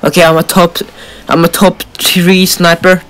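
A man's voice: high voice, little pitch movement, moderate pace, a bit bright. A man giving casual, joking gameplay commentary, boasting and swearing as he plays. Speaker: gaming video host.

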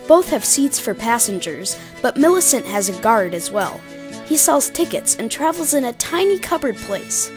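A woman's voice: fairly high pitch, sing-song, normal speed, over music. A woman voicing a cheerful young male engine, talking in an eager, chatty way.

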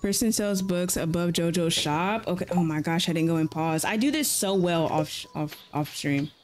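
At a moderate pace and in a lowish voice, a woman plays a farming game on stream. She's playful and talkative, reacting aloud and responding to her viewers' messages.

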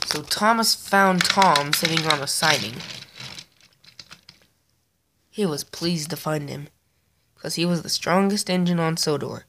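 A woman's voice: sits low, unhurried, pauses often, very noisy. A woman narrating a homemade story in a casual way, with playful asides.

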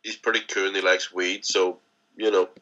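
On dull, lo-fi podcast audio, a young male co-host speaks in a low, bright, forceful voice with a flat delivery at normal speed. He rambles, teases, and swears freely in casual banter.

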